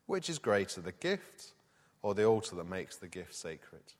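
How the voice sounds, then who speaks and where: Man, preacher, animated pitch, conversational sermon, long hall reverb. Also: measured pace. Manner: lively, conversational, reads scripture aloud.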